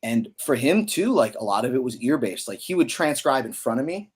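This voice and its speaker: A man's voice: mid-range voice, big pitch swings, brisk, husky. A man in his thirties from Pennsylvania, a musician guest telling stories in a loose, chatty way full of fillers and slang. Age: 30s. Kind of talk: casual storytelling.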